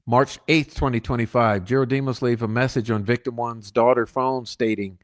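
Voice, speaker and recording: A man's voice: mid-range voice, moderate pace. A man hosting a crime channel, reading case documents aloud and breaking off into emphatic commentary. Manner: reads flatly, then breaks off into emphatic asides.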